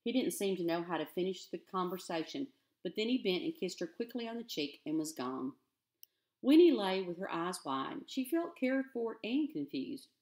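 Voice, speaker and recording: A woman teacher reading a children's novel aloud in an expressive, steady storytelling manner. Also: lowish voice, moderate pace.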